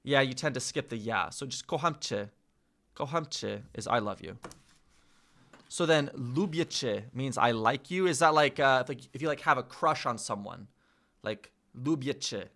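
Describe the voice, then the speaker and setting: An American man hosting a casual live chat, slowly sounding out words with many fillers and pauses. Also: mid-range voice, expressive, sharp tone. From United States. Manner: slow, hesitant, full of fillers, sounding out words. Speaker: livestream host learning Polish.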